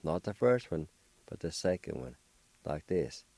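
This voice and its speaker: A man's voice: rumbling low, sing-song, measured pace, creaky, dark tone, no echo. A middle-aged man hosting a radio vocabulary lesson. He patiently spells words letter by letter and repeats each pronunciation several times. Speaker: radio language teacher and host.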